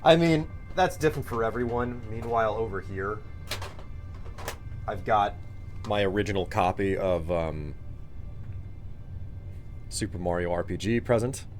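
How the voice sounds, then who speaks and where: A man's voice: lowish voice, unhurried, long pauses, soft background music. A man streaming a video game live, joking around and talking casually to his chat. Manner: joking, chatty, talks to chat.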